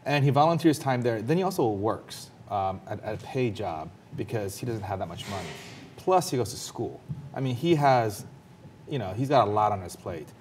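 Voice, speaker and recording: A man commentator telling a personal story in a panel talk, earnest and emphatic, his intensity rising quickly. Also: on the low side, expressive, darkish tone, slight background noise.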